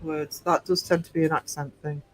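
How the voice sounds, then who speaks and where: A man's voice: a little high, flat delivery, brisk, faint music behind, rough recording. A man with a Northeast English accent, hosting a casual livestream and chatting to viewers in a rambling, teasing way. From England. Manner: chatty and rambling, teasing the chat with frequent fillers. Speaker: livestream host. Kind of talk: casual livestream chat answering viewer comments.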